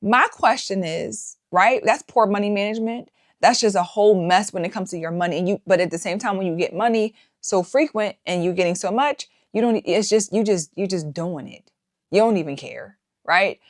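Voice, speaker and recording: Woman, host, casual commentary, rhetorical, medium pitch. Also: normal speed. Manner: rhetorical, keeps asking "right?". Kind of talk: commentary on social media clips.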